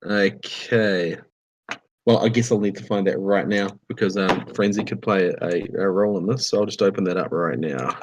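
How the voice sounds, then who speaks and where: Brief: low-voiced male game master, chatty, hesitant, home computer mic. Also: normal speed, background noise. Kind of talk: running a tabletop game online. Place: home room.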